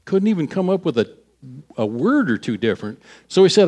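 A man's voice: mid-range voice, big pitch swings, moderate pace, a little mellow. A man preaching a sermon, retelling a scripture story with acted-out voices, restarting phrases and laughing at himself.

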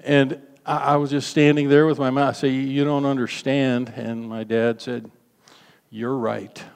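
An older man preaching a sermon, telling a personal story in an earnest way and slowing down for emphasis. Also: medium pitch, flat delivery, smooth. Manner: earnest storytelling, slows for emphasis, acts out quoted voices. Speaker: pastor. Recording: long hall reverb.

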